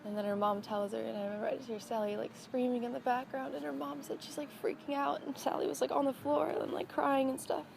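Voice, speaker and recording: A woman with a fairly high voice full of vocal fry tells an emotional story about the day her friend died. The documentary interview recording carries clear background noise. She speaks in a rush, reliving the moment. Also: little pitch movement, quick pace, hardly any pauses. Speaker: friend of the deceased. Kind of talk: documentary interview, recounting a loss.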